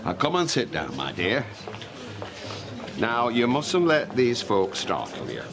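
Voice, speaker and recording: A man's voice: medium pitch, wildly swooping pitch, slow, creaky, music in the background, full character voice. An actor playing a pompous older male pub landlord, grandly declaiming in a TV drama. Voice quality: grandiose, repetitive phrasing. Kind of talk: TV soap drama acting.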